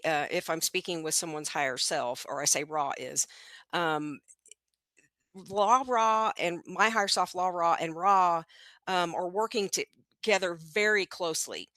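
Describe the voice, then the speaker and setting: A woman's voice: lowish voice, bright, forceful tone, dry recording. A woman guest channeler on a video call, speaking in an earnest, affirming way. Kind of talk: casual live chat. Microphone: video call mic.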